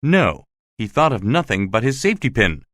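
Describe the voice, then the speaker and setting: A man voicing an agitated, indignant male theater official recounting his rough treatment, in a storybook reading. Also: medium pitch, normal speed, no echo, studio quality. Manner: indignant, excited.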